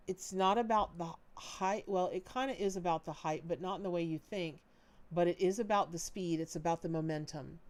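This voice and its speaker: A woman hosting a live-stream tarot reading, chatty and animated with folksy, warm-hearted talk. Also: lowish voice. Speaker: tarot reader hosting a charity livestream.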